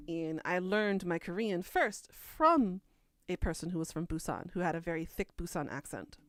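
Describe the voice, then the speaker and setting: A woman's voice: fairly low pitch, dry recording, clean studio sound. A woman from Kentucky with a Southern US accent, chatting casually as a podcast host and answering viewer comments in a rambling way. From Kentucky, USA. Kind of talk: casual chat.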